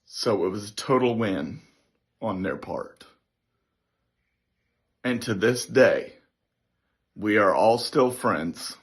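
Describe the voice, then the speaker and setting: A man's voice: on the low side, slow pace, pauses often. A middle-aged man casually telling a story, swearing freely and acting out what others said. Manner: animated, swears freely, acts out others' lines. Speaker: storyteller recounting a military prank.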